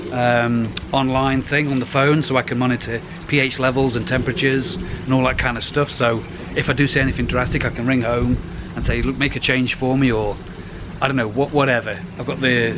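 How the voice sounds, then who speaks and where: A middle-aged man talks casually beside his pond outdoors. His voice sits at a middle pitch, and he rambles along, restarting half his sentences. Faint outdoor noise runs underneath. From United Kingdom. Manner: rambling and chatty, restarts phrases. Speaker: koi pond vlogger. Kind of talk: casual vlog.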